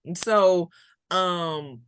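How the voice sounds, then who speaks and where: Low-voiced woman hosting a chat. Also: drawn-out words, slight background noise. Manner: conversational, plays devil's advocate. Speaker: podcast host. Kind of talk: casual conversation.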